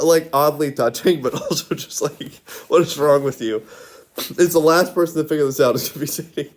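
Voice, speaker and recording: A man talking in a casual rambling monologue. He giggles often and fills his speech with "like". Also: on the high side. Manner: giggly, rambling, constant filler "like"; rambling, with lots of restarts.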